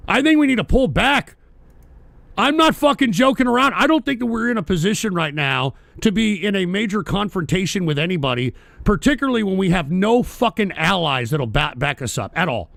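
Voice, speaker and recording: A man's voice: sits high, gravelly, fairly bright tone, no echo. A man from the United States hosting a radio show, delivering a heated, profane political rant and repeating himself.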